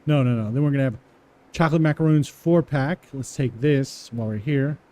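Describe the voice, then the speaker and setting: A man walking through a coding exercise, repeating words aloud slowly as he types them and chuckling to himself. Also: mid-range voice, dark tone. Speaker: coding tutorial presenter. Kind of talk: casual live coding walkthrough.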